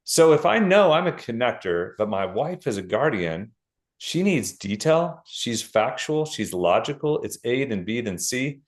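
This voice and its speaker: A middle-aged man, a guest author explaining ideas in a casual interview with lists and quick examples. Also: medium pitch, sing-song.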